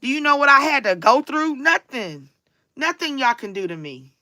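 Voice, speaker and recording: A woman's voice: sits high, sing-song, moderate pace, pushed and bright, no echo, clean studio sound. A woman, talking casually and sarcastically to her livestream viewers, with a preacher-like cadence. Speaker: livestream tarot reader.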